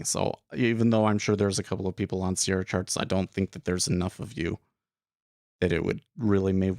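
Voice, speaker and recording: Rambling low-voiced man streaming trades. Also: a little mellow, dry recording, clean studio sound. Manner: rambling, thinking aloud with many restarts. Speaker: day trading streamer. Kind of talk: casual live-stream commentary.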